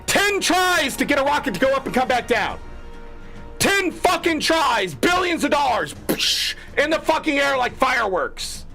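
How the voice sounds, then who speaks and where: A man's voice: sing-song, moderate pace, vocal fry, pushed and bright, soft background music. A man ranting angrily to viewers, swearing freely and mocking the people he disagrees with. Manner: angry, profane ranting; mocking quoted voices in lower tones. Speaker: gaming streamer. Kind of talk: ranting commentary.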